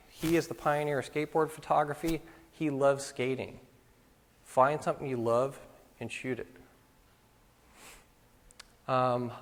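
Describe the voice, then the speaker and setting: A middle-aged man giving a casual talk to photography students, telling anecdotes and acting out what people said. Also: a little high. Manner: storytelling, acts out quoted voices. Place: lecture hall at a photography school. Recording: long reverb of a hall.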